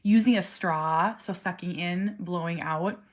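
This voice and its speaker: A woman in her forties, a parent talking casually to camera, earnest and animated, sometimes dropping to a soft near-whisper. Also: fairly low pitch, measured pace. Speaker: parent vlogger. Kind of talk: casual personal vlog.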